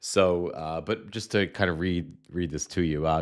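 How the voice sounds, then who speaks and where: A man with a very low voice runs a casual live political commentary stream, sarcastic and rambling, often starting sentences over. He's getting over a cold and still coughs slightly, yet speaks smoothly at a normal pace with hardly any pauses.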